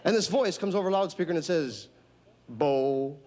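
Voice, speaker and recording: A male stand-up comedian works through his routine in a deliberate, mock-instructional way. His voice sits high and swings animatedly in pitch. It is a live TV stage recording with faint room noise and an audience in the background. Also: lively intonation, a little mellow, a faint crowd.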